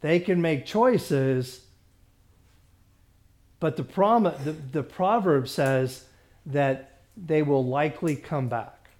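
A man's voice: on the high side, slow pace, pauses often, a little mellow. A man pastor leading a Bible study in a conversational way, often restarting and checking that the group follows him.

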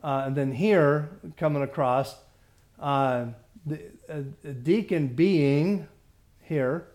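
Slow scripture reading marks this male Bible study teacher, who fumbles his words, says things twice and frequently clears his throat. He sounds on the high side, with a somewhat dark tone.

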